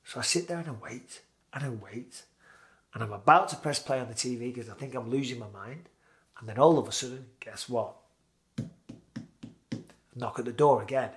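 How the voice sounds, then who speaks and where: A man's voice: medium pitch, moderate pace, pauses often, a bit bright. A British man in his forties telling a vivid personal story in a casual way, acting out his own past lines. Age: 40s. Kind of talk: casual spoken anecdote.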